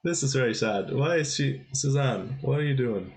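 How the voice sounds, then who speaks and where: A man's voice: mid-range voice, expressive, moderate pace. A man giving casual live chess commentary on a stream, thinking aloud and exclaiming at the players' mistakes.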